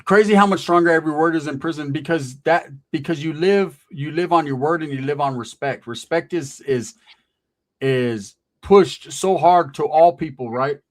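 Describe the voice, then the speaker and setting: A man's voice: on the high side, moderate pace. A man hosting a live stream in casual chat, laid-back, greeting chat and hyping viewers. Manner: laid-back, reads chat names aloud, hypes viewers.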